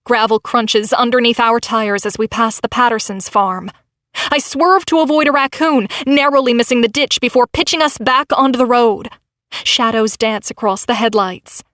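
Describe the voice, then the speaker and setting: A woman's voice: on the high side, moderate pace, fairly bright tone, no room sound, studio quality. A woman narrating a novel in the first person with dramatic, tense storytelling. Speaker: audiobook narrator.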